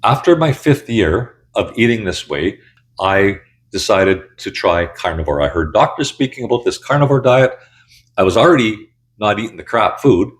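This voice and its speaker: A man's voice: lowish voice, expressive, moderate pace. A man in his sixties telling his own story to camera in a candid, blunt, conversational way. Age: 60s. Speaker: channel host. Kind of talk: casual personal storytelling.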